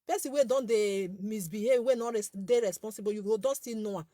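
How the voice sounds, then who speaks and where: A woman's voice: on the high side, fairly quick, mellow, no echo, clean studio sound. A woman in her forties with a Nigerian accent and a light, girlish voice, hosting a casual live chat with her followers. She talks in a chatty, scolding way, repeats herself and laughs often. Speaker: social media page host.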